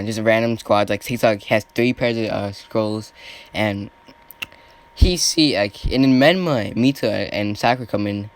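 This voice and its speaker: A man casually retelling a fan story off the cuff, rambling and often correcting himself as he goes. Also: on the low side.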